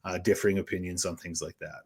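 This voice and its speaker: A man's voice: sits low, flat delivery, fast, husky. A man hosting a podcast, talking in a frank, opinionated, rambling way. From Canada. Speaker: podcast host. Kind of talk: casual podcast chat.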